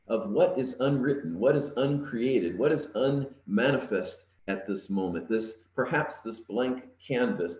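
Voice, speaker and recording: A middle-aged man, an interim minister, giving a gentle, reflective online sermon from his home, with frequent pauses and fillers. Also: fairly low pitch, reverberant. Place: home setup.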